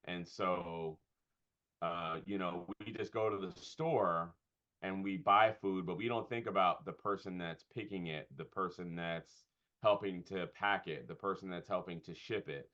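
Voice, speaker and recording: Male pastor-comedian guest, low register, halting and reflective delivery, muffled lo-fi audio. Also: bright, forceful tone. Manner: thoughtful, halting with fillers and restarts. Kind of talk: conversational interview. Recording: dull lo-fi sound.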